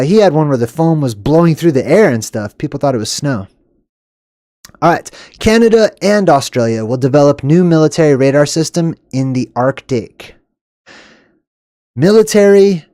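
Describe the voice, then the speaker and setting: Heard in clean studio sound with no room sound, a man with a voice on the high side hosts a video. He talks casually over news clips in a rambling way, laughing and dropping from loud moments into muttered asides.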